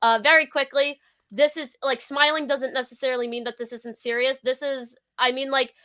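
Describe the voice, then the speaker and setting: A young woman in a casual reaction chat, reading comic dialogue aloud with animated delivery. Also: high-pitched, normal speed. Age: young adult. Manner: animated, acts out character lines while reading. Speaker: co-host reacting to a comic chapter.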